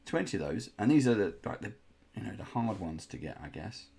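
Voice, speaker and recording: A man's voice: fairly low pitch, sing-song, fairly quick, gravelly, warm tone, breathy edge. A man hosting a casual unboxing indoors, chatty and rambling, with playful groans of disgust. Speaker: host unboxing miniatures.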